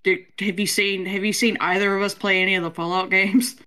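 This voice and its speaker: A woman's voice: medium pitch, flat delivery, fairly quick, bright, forceful tone, poor audio. Chatty Southern woman gaming host. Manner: chatty, rambling with restarts. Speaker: let's play co-host. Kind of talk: casual gaming commentary.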